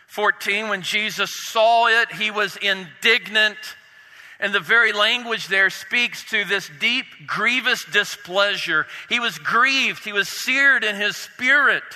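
A man preaching a sermon with drama, dropping his voice low and soft to stress points. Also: in a large hall, low-quality recording. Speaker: pastor.

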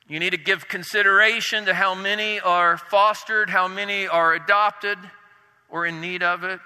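A man preaching a sermon with drama, dropping his voice low and soft to stress points. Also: fairly even intonation, normal speed, smooth, long reverb tail, rough recording. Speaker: pastor.

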